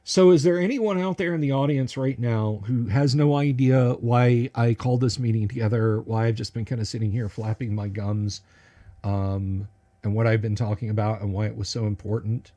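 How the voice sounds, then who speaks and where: A man's voice: mid-range voice, fairly even intonation, normal speed, warm tone. A man hosting a casual livestream at his computer, talking in a rambling, joking way with many fillers and restarts. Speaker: livestream host.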